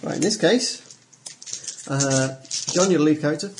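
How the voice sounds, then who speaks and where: Man, gravelly game master, faint hiss behind. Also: fairly high pitch. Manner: chatty, laughing, halting with fillers. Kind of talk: narrating a tabletop game.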